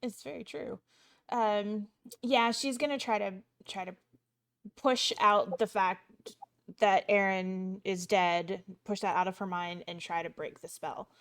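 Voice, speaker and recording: A woman's voice: medium pitch, fairly even intonation, a little slow, fairly bright tone. A woman playing a tabletop role-playing game, chatting casually and hesitantly, with fillers. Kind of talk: casual chat.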